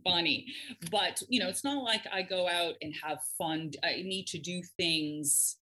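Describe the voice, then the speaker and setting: A woman talking as a podcast guest in casual chat, animated, laughing often and swearing freely. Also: on the low side, a little slow.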